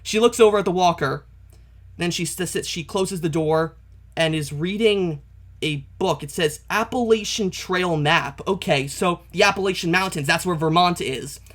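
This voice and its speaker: Higher-voiced man narrating comic panels. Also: normal speed, a bit bright. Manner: narrates panels step by step, correcting himself; openly dismayed commentary. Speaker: comic reaction video host. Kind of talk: reading a comic aloud and reacting.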